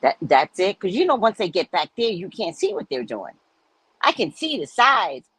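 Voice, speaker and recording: A woman hosting a show, telling a story in a casual, animated way and acting out the people in it. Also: medium pitch, moderate pace, husky, no echo. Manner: animated, acts out quoted voices, laughs often. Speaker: podcast host.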